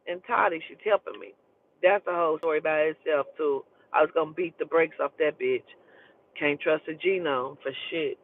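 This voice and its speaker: A woman telling a personal story in casual talk, blunt, profane and emotional. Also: medium pitch. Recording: tinny phone-like dry sound.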